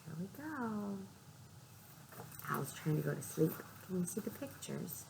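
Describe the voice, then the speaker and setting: A woman librarian reading a picture book aloud to young children, speaking slowly and expressively, asking the children questions and whispering for suspense. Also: lowish voice, big pitch swings, vocal fry, noisy background.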